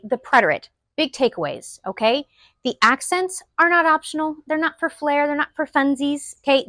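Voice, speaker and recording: A woman's voice: on the high side, a bit bright, dry recording. Woman Spanish teacher, upbeat and casual, quizzing the viewers, dry close recording.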